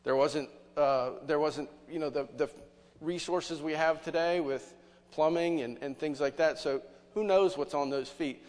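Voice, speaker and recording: A man's voice: a little high, measured pace, a little mellow. A man preaching a sermon as pastor, conversational, with many rhetorical questions to the congregation. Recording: long hall reverb.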